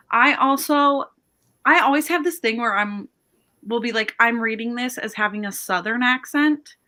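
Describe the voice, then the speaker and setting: Young woman, host of a reading chat over a video call; bright, chatty, quick to laugh at herself. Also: on the high side. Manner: chatty, laughs often, self-deprecating. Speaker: host of a reading sprint stream. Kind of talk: casual chat.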